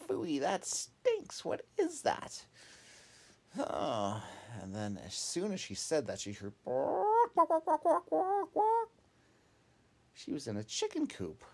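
A man spins a children's story off the cuff, wandering through asides and fillers. His voice is gravelly and a little husky, with a lively, rising and falling pitch. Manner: meandering, casual, with many asides and fillers. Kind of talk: improvised children's story narration.

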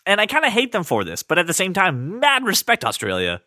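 A man's voice: sits high, wildly swooping pitch, a little fast, sharp tone, no echo, studio quality. A man hosting a podcast in casual chat, playful, with frequent stammering restarts. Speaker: podcast host.

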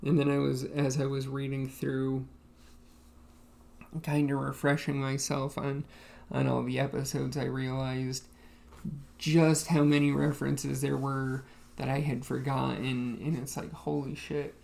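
A podcast co-host talking casually in a halting way, with many ums. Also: medium pitch, little pitch movement, vocal fry, a little mellow. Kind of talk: casual chat.

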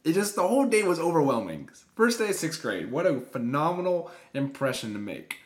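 A young man co-hosts a casual podcast, his voice swinging widely in pitch as he tells stories. He is a native German speaker and acts out what others said. The sound is roomy and echoey. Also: a little fast. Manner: animated storyteller who acts out quotes with big pitch jumps. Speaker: podcast co-host. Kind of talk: casual storytelling chat.

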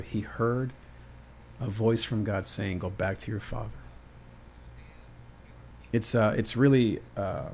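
A man's voice: on the low side, slight background noise. A man preaching a heartfelt devotional sermon on his podcast in an earnest manner.

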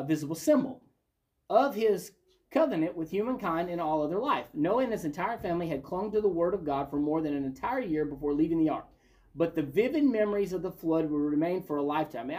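A man's voice: on the high side, a little mellow. A man leading a Bible study, reading passages aloud and commenting on them in a conversational way.

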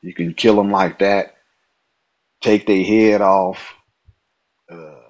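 A man from Nebraska, a podcast guest, telling a story in an animated way, laughing often and acting out the dialogue. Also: lowish voice, slow pace, muffled recording. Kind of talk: casual storytelling.

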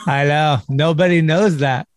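A man's voice: a little high, steady tone, unhurried, noisy background. A man hosting a podcast in a laid-back, casual way, full of skater slang and swearing. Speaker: podcast host. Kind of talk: casual chat.

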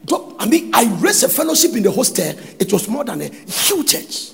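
A man with a Ghanaian accent preaching a sermon as pastor, breaking into sudden shouts and sung phrases. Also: very high voice, huge pitch swings, normal speed, creaky, slight background noise. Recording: long hall reverb.

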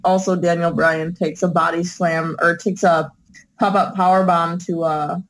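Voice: medium pitch, level tone, a little slow, a bit bright, low-quality recording. A co-host in a casual chat, laid-back, mostly adding short remarks. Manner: laid-back, brief interjections. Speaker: podcast co-host.

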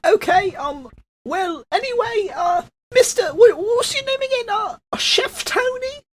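A man's voice: extremely high pitch, expressive, measured pace. A man voicing a cheeky, hesitant young chimney sweep boy in an improvised comedy audio play.

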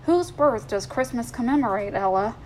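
Woman reading as a gently serious aunt. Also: a little high, slight background noise, lightly acted, low-quality recording. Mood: gentle. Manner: measured, gently moralizing. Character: kind earnest middle-aged aunt, gently serious.

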